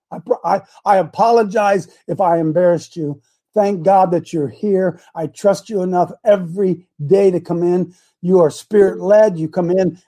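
A middle-aged man hosting a casual morning show, rambling and repeating himself, with sudden loud outbursts. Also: sits high. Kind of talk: casual live-stream talk.

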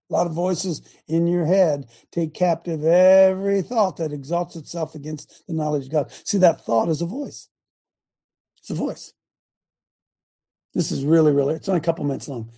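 Gravelly-voiced man preaching to viewers. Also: fairly high pitch. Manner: animated, talks straight to viewers with repeated questions; restarts and stumbles often. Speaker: host of an online faith show. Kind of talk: casual preaching to a live online audience.

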